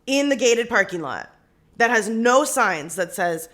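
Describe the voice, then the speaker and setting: A woman's voice: on the high side, lively intonation, measured pace, fairly bright tone. A young woman co-hosting a podcast, telling a story in a casual chat, acting out quotes and laughing often. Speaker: podcast co-host.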